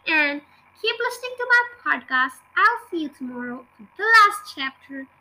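Very high, bright woman reading a storybook. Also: big pitch swings, moderate pace, low-quality recording. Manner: chatty, cheerful, addressing listeners. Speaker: podcast host reading a children's book. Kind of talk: storybook narration.

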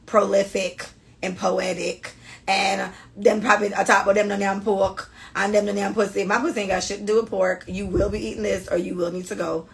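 A woman's voice: mid-range voice, vocal fry, a bit bright, husky. A woman co-hosting a casual podcast, blunt and profane as she reads out and reacts to listener stories. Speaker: podcast co-host.

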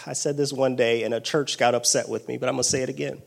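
A man preaching a sermon with excited exclamations and call-and-response energy. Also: medium pitch, quick pace, gravelly.

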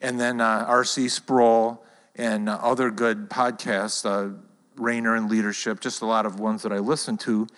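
A man's voice: on the low side, little pitch movement, normal speed, fairly bright tone. A man leading a church talk, telling a personal story in a conversational way to his congregation. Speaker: church leader. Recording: long hall reverb.

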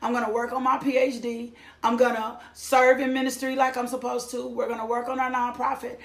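A woman's voice: on the high side, little pitch movement, a little fast. A middle-aged woman giving a church testimony, emphatic and repeating phrases for effect. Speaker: testimony speaker. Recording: echoey room.

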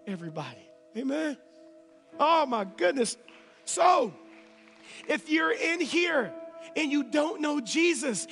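A male pastor preaching a sermon with an emphatic, repetitive cadence, swinging between hushed whispers and shouted declarations. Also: very high-pitched, big pitch swings, takes it slowly, pauses often, in a large hall, soft background music.

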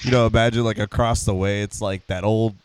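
A man's voice: lowish voice, steady tone, fairly quick, crowd noise. A man co-hosting a podcast, laughing and rambling through imagined scenes in casual chat. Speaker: podcast co-host.

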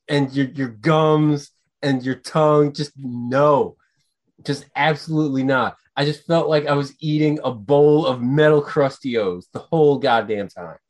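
A man co-hosting a podcast in casual chat, ranting with profanity and getting animated. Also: fairly high pitch. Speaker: podcast co-host.

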